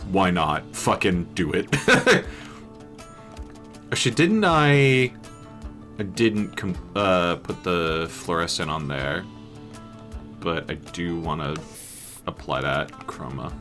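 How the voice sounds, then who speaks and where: A man's voice: low-pitched, animated, slow pace, fairly bright tone, faint music behind. A man streaming a game, casually muttering and laughing to himself with offhand swearing. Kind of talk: casual live gameplay commentary.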